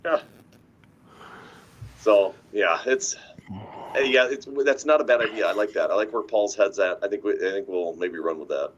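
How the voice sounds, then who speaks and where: A man's voice: on the low side, moderate pace, pauses often, dull audio, slight background noise. A man co-hosting a casual sports talk show, an easygoing coach who rambles and laughs often. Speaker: coach and podcast co-host.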